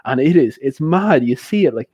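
A young Irish man chatting casually, telling an animated story and laughing often. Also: mid-range voice, moderate pace, slightly rough, no room sound. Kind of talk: casual chat. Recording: dull dry recording.

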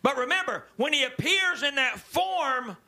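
High-voiced, bright preacher man. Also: lively intonation, unhurried. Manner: swings from low murmurs to loud shouted exhortations; calls out to the congregation. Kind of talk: sermon.

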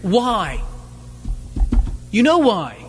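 A man's voice: high voice, wildly swooping pitch, drawn-out words, fairly bright tone, a little hiss or hum. A man preaching a sermon as pastor, conversational, full of rhetorical questions and light humorous asides. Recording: long hall reverb.

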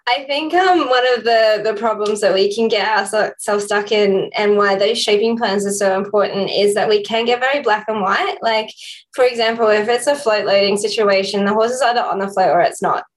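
A woman hosts a relaxed podcast chat about training horses, filling her sentences with casual "like"s as she works through her point. Her pitch sits in the ordinary middle range for a woman. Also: normal speed, poor audio. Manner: casual, fills speech with "like".

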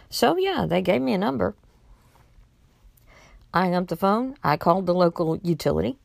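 A woman telling a personal anecdote in a sardonic, wry and animated way. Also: fairly low pitch, normal speed, gravelly, long pauses, no room sound.

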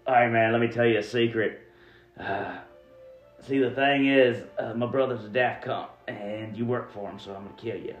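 A man voicing a cold young killer who speaks low and quietly before striking. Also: steady tone, normal speed, lightly acted. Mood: menacing. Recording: roomy, dull sound with faint music.

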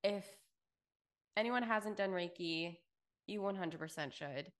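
A woman's voice: lowish voice, measured pace. Podcast co-host, woman; loose, gushing, filler-heavy casual talk with curse words. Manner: effusive, swears freely, many fillers. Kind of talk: casual chat.

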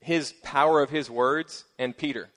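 A middle-aged man gives a sermon as pastor at normal speed, his voice mid-range. It's a casual, playful talk with humorous asides and vivid emphasis.

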